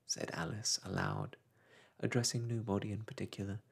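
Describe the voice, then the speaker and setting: A man narrating a classic children's book in a soft, gentle way. His voice is husky and gravelly, his pace slow, and his pitch moves a lot. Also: animated. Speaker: storyteller. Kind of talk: soft-spoken storybook reading.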